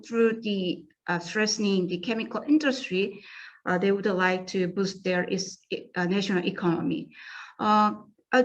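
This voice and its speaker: A woman with a Korean accent gives an academic conference presentation, halting often with fillers and restarts. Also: medium pitch, low-quality recording. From South Korea.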